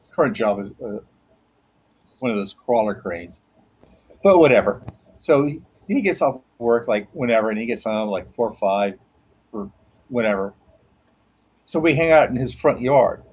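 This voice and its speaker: A husky, slightly breathy middle-aged man chats casually, telling rambling stories full of swearing. He laughs often and trails off mid-sentence. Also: mid-range voice, darkish tone, poor audio. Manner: profane, rambling storyteller, laughs a lot. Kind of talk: casual chat.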